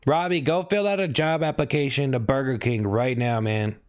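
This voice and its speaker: A young man hosting a live stream and chatting loosely with his viewers. He teases them by name, says the same jab over and over, and drifts into mumbling asides. His voice sits at an ordinary pitch for a man. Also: normal speed. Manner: teasing, repeats himself, calls out chat names. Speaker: livestream host. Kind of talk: casual livestream chat with viewers.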